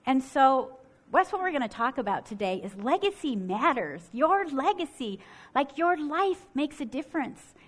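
High-voiced woman telling a lively sermon story. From Michigan. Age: middle-aged. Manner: animated, acts out quotes with swings in loudness.

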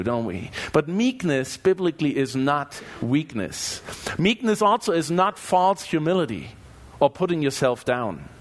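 German-accented male pastor preaching. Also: on the high side. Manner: lively, rhetorical questions to the congregation. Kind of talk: sermon. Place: church.

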